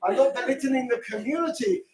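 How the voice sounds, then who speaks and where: A fervent middle-aged man with a high voice teaches a Torah class, piling on rhetorical questions and breaking into shouts. He is picked up from across an echoey room, with faint room hum behind him. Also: brisk, distant mic.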